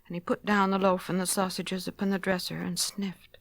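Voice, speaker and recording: Woman reading a storybook, hushed and gentle. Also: lowish voice, little pitch movement, moderate pace, creaky, no room sound. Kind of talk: storybook narration for children.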